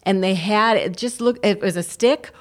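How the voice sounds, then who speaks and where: Woman co-host, casual chat, chatty storyteller, mid-pitched voice. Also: moderate pace.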